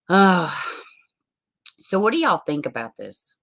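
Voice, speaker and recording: Bright-voiced woman livestreamer. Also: on the low side, very animated, slow pace, long pauses. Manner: chatty, swears, greets viewers with endearments. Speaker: livestream host. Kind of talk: casual livestream chat reading viewer comments.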